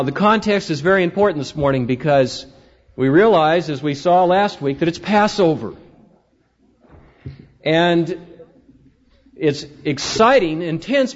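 A man preaching a sermon as pastor, reading scripture aloud and swinging widely in emphasis. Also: sits high. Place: church sanctuary. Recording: dull, lo-fi sound with long church reverb.

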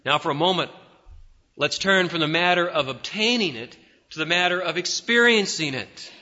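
Fervent preacher with a bright voice. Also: male voice, animated, normal speed, in a large hall, dull audio. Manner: fervent preaching that swings from loud peaks to hushed low passages. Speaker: pastor. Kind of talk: sermon.

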